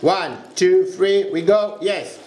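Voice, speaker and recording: A man's voice: high-pitched, slow, a little mellow, echoey room, a little hiss or hum. A man with a French accent, a pastry chef giving a step-by-step cooking demonstration in a kitchen. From France. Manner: instructive, step-by-step, checks in with "huh?".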